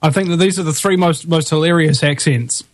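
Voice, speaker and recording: A man's voice: on the high side, fairly quick, low-quality recording. A man with a New Zealand accent hosting a talk radio show, chatting casually in a rambling way with frequent ums. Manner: rambling, full of ums and uhs.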